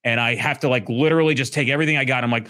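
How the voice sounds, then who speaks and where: A man who owns a police training company, talking bluntly and profanely in a casual podcast chat, acting out what others said in loud bursts. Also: mid-range voice, very fast, no room sound, clean studio sound. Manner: blunt, profane, animated, acts out quoted speech loudly.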